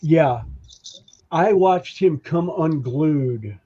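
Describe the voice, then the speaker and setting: A man telling stories in a casual podcast chat, animated and acting out the voices of the people in his stories. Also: on the high side, very slow, highs cut off. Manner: animated storyteller who acts out quoted voices. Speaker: podcast co-host.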